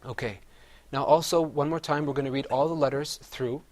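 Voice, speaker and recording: During a classroom pronunciation drill, a man with a voice on the high side and a darkish tone speaks fairly quickly with fairly even intonation. He teaches Arabic letter sounds patiently, saying each for the group to repeat and describing mouth positions step by step.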